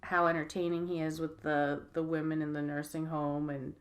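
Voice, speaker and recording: A woman's voice: low voice, level tone, moderate pace. A woman co-hosting a podcast, recapping a movie plot in a chatty, giggly way. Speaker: podcast co-host. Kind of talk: casual movie review chat.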